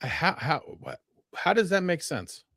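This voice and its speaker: A man's voice: on the high side, very animated, normal speed, a bit bright, no echo. A man in his mid-forties, co-hosting a podcast with laid-back, dry comebacks. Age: 40s. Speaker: podcast co-host. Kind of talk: casual podcast banter. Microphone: wearing headphones.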